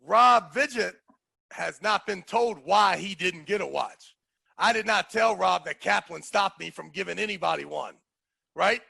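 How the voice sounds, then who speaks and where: A man with a high, gravelly, bright voice tells a story in casual chat. He talks in an animated way and acts out the people in his story. The voice is a little husky and the room is dry. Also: unhurried, no echo. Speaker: podcast host telling a story.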